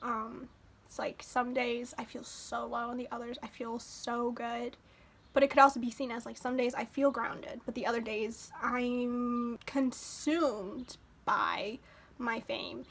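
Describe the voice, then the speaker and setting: A woman's voice: a little high, measured pace, a bit bright. A young woman vlogging her first reaction to an album, talking casually and getting openly emotional, gushing and exclaiming between her thoughts. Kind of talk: casual music reaction commentary. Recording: music playing behind her. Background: music playing.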